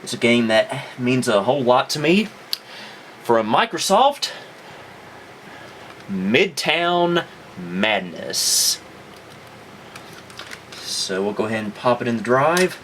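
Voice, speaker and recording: A man in a middle pitch hosts a casual retro computer show. He rambles comfortably, filling gaps with ums, while a faint hiss sits behind him. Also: normal speed. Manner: relaxed, rambling with many ums. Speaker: host. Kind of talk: casual tech review chat.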